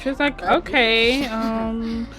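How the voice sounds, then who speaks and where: A young woman chats through her gameplay, acting out each character's lines in a loose, slangy manner. Her voice sits a little high, with soft music playing underneath. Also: fairly even intonation, extremely slow. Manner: slangy, quoting characters with "she's like". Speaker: gameplay streamer. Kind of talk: casual let's-play narration voicing sims.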